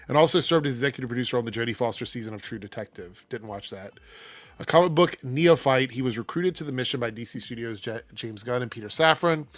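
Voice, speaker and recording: A man's voice: medium pitch, no echo. A man co-hosting a casual livestream, reading an article aloud and breaking off with his own opinions. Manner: animated, reads articles aloud with asides. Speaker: co-host reading news.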